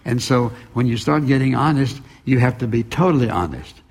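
A man's voice: medium pitch, animated, fairly quick, darkish tone. A man preaching a sermon, emphatic and full of rhetorical questions and repeated phrases. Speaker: pastor.

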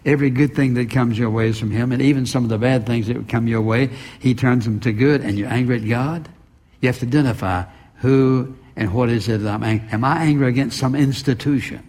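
A man's voice: mid-range voice, darkish tone. A man preaching a sermon, emphatic and full of rhetorical questions and repeated phrases. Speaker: pastor.

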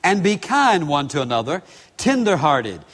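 A man's voice: on the high side, sing-song, moderate pace, a bit bright. A man preaching a sermon as pastor, stressing his points with repeated, listed words. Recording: long hall reverb.

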